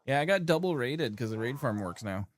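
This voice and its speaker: A man's voice: mid-range voice, brisk. A man streaming a game, chatting casually with his viewers and playfully exasperated with himself. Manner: animated, exasperated, laughing at himself. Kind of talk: casual live-stream chat.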